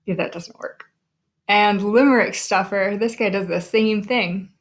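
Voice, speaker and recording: A woman teacher records a lesson for her students. She talks clearly and deliberately, slowing down to sound out names syllable by syllable. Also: medium pitch.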